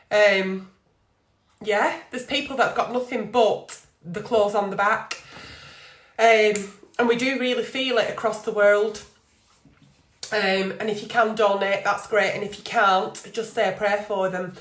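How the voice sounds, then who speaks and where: A middle-aged woman hosts a casual live stream from her home. She rambles emotionally and fills her pauses with ums. Her mid-pitched voice carries an echo from the room. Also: fairly even intonation, fairly bright tone. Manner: emotional, rambling with many fillers.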